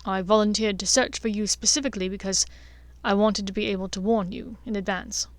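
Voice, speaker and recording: A woman voicing a serious young wizard, earnest and measured in a slightly lowered voice. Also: fairly even intonation, no echo, lightly acted.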